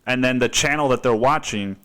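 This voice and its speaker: A man's voice: medium pitch, brisk, bright, forceful tone. Cursing, rambling male podcast host. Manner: rambling, heavy cursing, says "dude" a lot. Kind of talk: casual profane rant.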